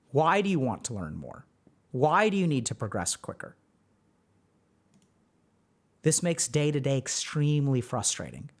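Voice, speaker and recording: On a livestream, a mental health coach with a voice on the high side talks through advice animatedly. He fills his speech with rhetorical questions and keeps tossing in "right?"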